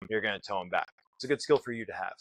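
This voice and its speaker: A man's voice: fairly low pitch, no echo, poor audio. A man telling a story in casual podcast talk, acting out what other people said as he goes. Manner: fast, animated retelling with voiced quotes. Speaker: guest.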